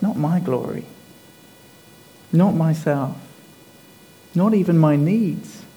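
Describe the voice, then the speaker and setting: Male preacher, sermon, slightly high but mellow voice, slow and emphatic. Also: low-quality recording. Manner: deliberate, emphatic, repeats key phrases.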